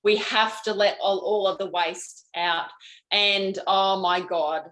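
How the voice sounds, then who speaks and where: A woman's voice: medium pitch, fairly even intonation, slow, a bit bright, low-quality recording. A woman with an Australian accent hosting a live stream, chatting frankly and answering viewer comments about lymphatic health. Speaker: host, lymphatic health practitioner.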